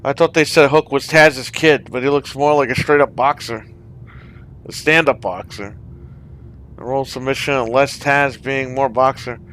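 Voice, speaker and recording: A man's voice: mid-range voice, steady tone, normal speed, a bit bright, a little hiss or hum. A man hosting a casual online gaming chat, ranting with heavy profanity. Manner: profane, ranting about wrestling. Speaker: podcast host.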